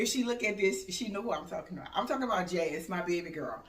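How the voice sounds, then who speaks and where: A woman's voice: on the low side, fast, hardly any pauses, distant mic. Chatty woman vlogging in an echoey kitchen. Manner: animated storytelling, acts out the voices of her family and laughs. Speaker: home decor vlogger. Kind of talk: casual chatty vlog. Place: home kitchen. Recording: echoey room, voice off-mic.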